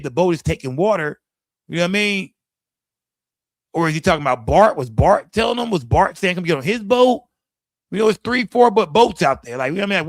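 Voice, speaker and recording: Male streamer, slightly high voice, dry close mic, swearing, riffing on clips. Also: dry recording. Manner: profane, animated, rhetorical questions. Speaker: livestream commentator. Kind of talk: casual livestream commentary.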